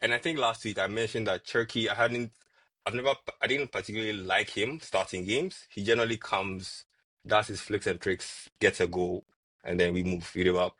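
A man with a husky voice, chatting casually about football as a podcast co-host and repeating words as he argues. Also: on the low side, normal speed, no echo. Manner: animated, repeats words when arguing.

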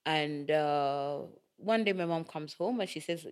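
A woman's voice: sits low, a little slow. Middle-aged woman from Kenya, interview guest, chatty, acts out quotes, laughs easily. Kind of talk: casual interview storytelling.

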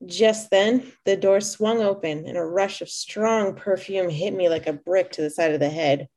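A woman author and poet reading her own fiction aloud in a measured, expressive way. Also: fairly low pitch.

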